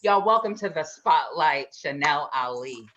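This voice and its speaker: A woman's voice: low voice, animated, a little slow, dull audio, heavy background noise. A woman hosting an online comedy showcase over a video call, hyping the crowd in casual slang. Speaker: show host.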